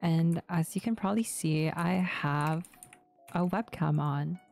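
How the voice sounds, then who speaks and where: Low mellow young woman, rambling gameplay chatter, lots of fillers, faint music behind. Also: unhurried, gravelly. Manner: rambling, filler-heavy, swears freely. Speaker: gaming YouTuber. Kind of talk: casual rambling gameplay commentary. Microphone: desktop USB microphone. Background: faint background music and keyboard typing.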